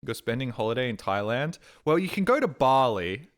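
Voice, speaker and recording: A man's voice: mid-range voice, big pitch swings, a little fast. A young adult Australian man streaming on a headset mic, chatting casually in a rambling way and swearing freely. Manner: rambling, swears casually, mimics voices in quotes.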